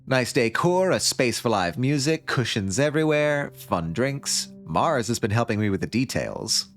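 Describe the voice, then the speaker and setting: A man voicing an excitable young male construction worker in an odd put-on accent. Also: medium pitch, a little slow, soft background music. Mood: excited.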